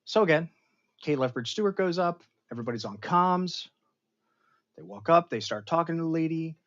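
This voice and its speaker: Talking a little fast over lo-fi sound, the host of a casual pop culture livestream rambles through a TV episode recap, animated, with large jumps in pitch and volume.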